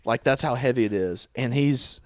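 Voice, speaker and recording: A man's voice: mid-range voice, moderate pace, dry recording. A young man on a casual podcast, telling a story in an easygoing, wry manner. His voice sits in a middle range. The recording is dry and close. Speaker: podcast co-host. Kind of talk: casual chat.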